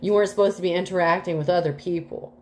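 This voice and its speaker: A woman's voice: lowish voice, steady tone, fast, darkish tone, slight background noise. A woman giving a casual tarot reading to the collective, rambling with many fillers, swearing freely and getting emotional. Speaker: tarot reader.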